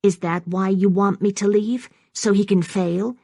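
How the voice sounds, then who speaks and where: A woman voicing a determined young gentlewoman who speaks earnestly and forcefully. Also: medium pitch, fairly even intonation, measured pace, vocal fry, dry recording, studio quality, pitched above the performer's own voice.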